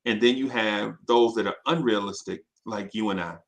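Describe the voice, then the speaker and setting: A man telling personal stories in casual chat, animated and full of fillers and asides. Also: fairly low pitch, moderate pace, gravelly.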